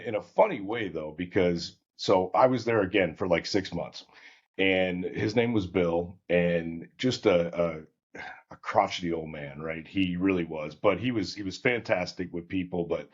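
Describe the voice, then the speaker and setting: A middle-aged man telling a story in a casual interview, lively, acting out quotes, with many restarts. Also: deep voice, breathy edge. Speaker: guest, auto service company founder. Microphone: podcast microphone. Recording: slightly dull lo-fi sound.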